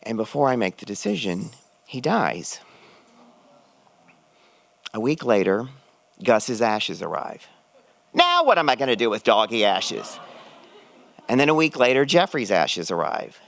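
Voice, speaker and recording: Expressive middle-aged man telling a story. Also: a little slow, vocal fry, pauses often. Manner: expressive, jumps high when excited. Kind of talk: live personal storytelling. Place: stage at a live event.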